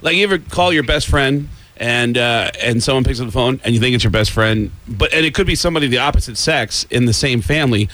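A man from New York with no regional accent, a comedian and impressionist guest telling stories in casual interview chat, animated and slipping into voices. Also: mid-range voice, fast talker, few pauses. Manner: animated storyteller who slips into voices.

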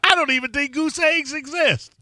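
A man's voice: very high voice, normal speed, sharp tone, faint music behind. A man co-hosting a call-in radio show, teasing and cracking jokes. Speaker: radio co-host.

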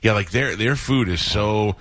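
Low-voiced radio host telling stories. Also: male voice, unhurried, a bit bright, dry recording. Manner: loose, storytelling, jokey and rambling. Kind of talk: casual morning-show banter.

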